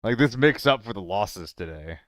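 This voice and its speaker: A man streaming a game live, chatting casually with viewers, laughing often and swearing when he gets excited. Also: fairly low pitch, normal speed, no echo, clean studio sound. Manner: excitable, laughing and swearing between relaxed chat.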